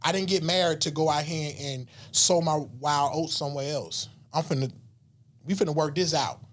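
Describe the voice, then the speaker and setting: Guy in his 30s telling a story on a podcast, kinda high voice, loose slangy talk, does little voices and whispers. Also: fairly even intonation, normal speed. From Southern US. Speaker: podcast guest. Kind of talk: casual storytelling.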